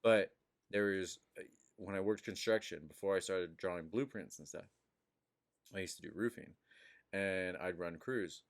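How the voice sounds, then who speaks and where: Male podcast host, low register, loose animated storyteller. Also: moderate pace. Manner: animated storyteller, swearing, laughing. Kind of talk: casual chat.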